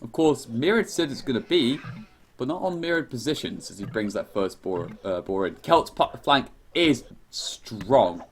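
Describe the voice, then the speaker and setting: A man's voice: medium pitch, expressive, a little slow, a little hiss or hum. A young man giving rambling, chatty live commentary on a strategy game, often correcting himself.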